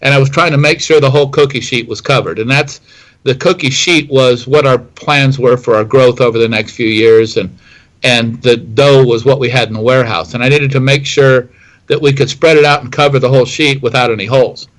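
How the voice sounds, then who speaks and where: A man's voice: mid-range voice, steady tone, a little fast, low-quality recording. A middle-aged man, a distiller telling a long story in an interview, rambling with many fillers and restarts. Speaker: whiskey distiller guest.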